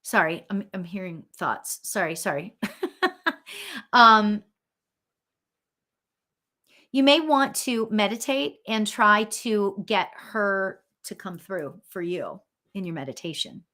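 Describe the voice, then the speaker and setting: A woman's voice: mid-range voice, expressive, a little slow, pushed and bright. A woman hosting a live spiritual reading show, chatting casually with viewers, giggly and full of ums and restarts.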